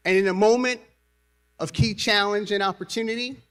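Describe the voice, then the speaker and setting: A man's voice: high voice, fairly even intonation, a little fast, a bit bright, clean tone. A man giving a convocation speech as university president, rousing the crowd and leading call and response.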